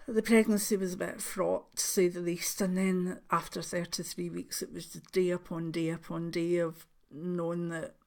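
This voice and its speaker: An older Scottish woman, a grandmother, chatting to her viewers in a rambling, emotional way, with soft laughs. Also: fairly low pitch, level tone, moderate pace, creaky, hardly any pauses. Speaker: spiritual channel host. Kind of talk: casual chat to camera.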